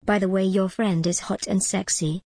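A woman voicing a calm, commanding jinn spirit in an audiobook, measured and formal. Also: medium pitch, breathy edge, dry recording.

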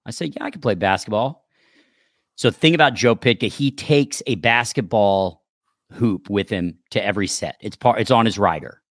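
A man's voice: fairly low pitch, moderate pace, dry recording, clean studio sound. A man, an actor, telling a story in casual chat and acting out the people he quotes. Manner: animated, acts out quoted dialogue. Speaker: actor guest.

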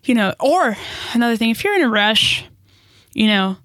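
A woman co-hosting a podcast, telling a story in an animated, indignant way and swearing freely. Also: a little high, normal speed, no echo, clean studio sound. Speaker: podcast co-host. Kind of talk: casual storytelling chat.

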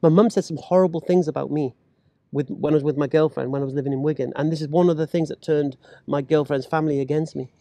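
A man telling a personal story in casual chat, animated and acting out the voices of others. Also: fairly high pitch, fast, no echo. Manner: animated, acts out quoted voices, laughs while talking.

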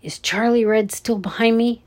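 A woman's voice: fairly even intonation, moderate pace, natural voice. A woman doing a hulking, throaty guard. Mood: urgent. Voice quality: deep, throaty. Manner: urgent, hushed warnings. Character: huge gruff male security guard.

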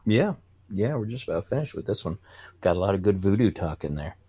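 A man's voice: low voice, big pitch swings, fairly quick, mellow, breathy edge, no room sound. A man co-hosting a podcast in casual chat, laid-back and teasing. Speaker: podcast co-host.

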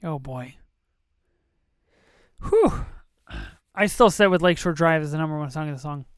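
A podcast host reacting emotionally while watching a movie for a commentary episode, excitable and dropping to whispers at moving moments. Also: mid-range voice, normal speed, clean tone, no room sound, clean studio sound.

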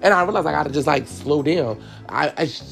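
Tearful man with a gravelly voice. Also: on the high side, lively intonation, fairly quick, fairly bright tone, faint music behind. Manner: candid, profane, repeats himself, addresses listeners as y'all. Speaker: podcast host. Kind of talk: emotional personal storytelling.

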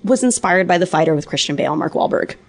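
A woman's voice: fairly low pitch, fast. Woman telling a profane story. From Los Angeles. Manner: profane, animated anecdote telling. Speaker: podcast guest. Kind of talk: casual storytelling.

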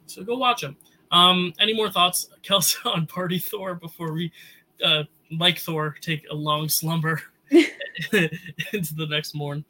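Young male co-host, slightly high and bright voice, loose chatty movie talk. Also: steady tone, poor audio. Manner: chatty, quick asides, lots of "like". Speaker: podcast co-host. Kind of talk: casual movie review chat.

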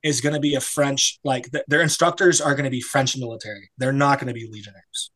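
A man's voice: medium pitch, steady tone, quick pace, a bit bright, low-quality recording. A young American man, a serving legionnaire, talking casually and bluntly with lots of fillers and swearing. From United States. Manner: blunt, profane, rambling with many fillers. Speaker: serving Foreign Legionnaire, guest. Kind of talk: casual podcast interview.

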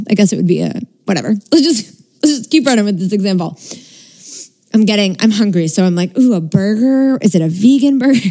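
A woman's voice: medium pitch, dark tone. A young adult woman, a spiritual coach, talking casually about setting intentions, chatty with frequent laughs and casual swearing.

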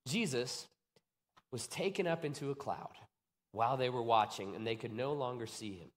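A man preaching a sermon, swinging from hushed, low moments to excited outbursts. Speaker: pastor.

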